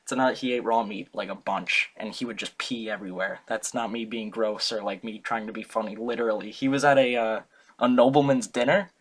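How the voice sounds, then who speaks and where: A man's voice: fairly low pitch, fairly even intonation, brisk, slight background noise. A young man giving a casual, comic student talk, rambling, joking and correcting himself as he goes. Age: young adult. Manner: rambling, jokey, self-correcting. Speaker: student presenter.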